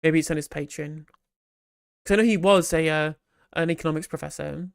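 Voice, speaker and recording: A stream host commenting live in a loose, rambling way, doubling back mid-sentence and slipping in sarcastic jabs. The voice sits at a middle pitch. It is recorded close on a mic with a dry, roomless sound. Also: brisk, creaky, smooth, no echo. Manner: rambling, animated, full of restarts and sarcasm.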